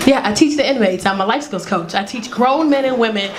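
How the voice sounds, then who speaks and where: A woman comedian doing a stand-up set, brash and profane, breaking into loud shouting bits. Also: on the high side, a little fast, background noise. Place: comedy club stage before a laughing audience. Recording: live club recording with loud crowd laughter. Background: crowd laughing and cheering.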